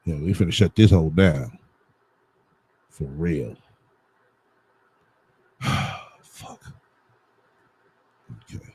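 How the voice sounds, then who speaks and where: Streamer, male, very deep and raspy, slow frustrated muttering with heavy cursing. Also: warm tone, low-quality recording. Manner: frustrated, muttering and swearing while fixing the stream setup. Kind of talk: casual live-stream talk to viewers.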